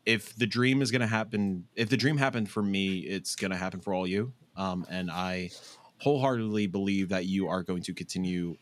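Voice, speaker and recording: A man's voice: deep voice, fairly even intonation, normal speed. A young man co-hosting a casual podcast, speaking in a heartfelt, rambling way and swearing freely. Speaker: podcast co-host. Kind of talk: casual chat.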